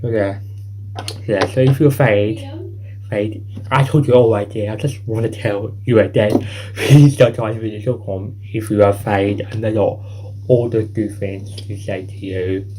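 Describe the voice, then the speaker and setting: A man presents a homemade newscast in a mellow, dark voice, rambling as he goes. He circles back on the same words and restarts his sentences again and again. Faint background noise sits under the recording. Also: lowish voice, fairly even intonation, moderate pace, rough recording. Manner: rambling and repetitive, restarts phrases often. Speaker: home news show host. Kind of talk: improvised mock news reading.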